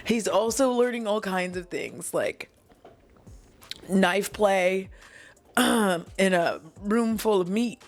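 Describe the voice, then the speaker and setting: A woman's voice: fairly high pitch, a little mellow. A woman at home casually recapping a movie, giggling and chuckling her way through it with apologetic asides. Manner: giggly, keeps breaking into laughter mid-sentence; self-deprecating, apologetic asides.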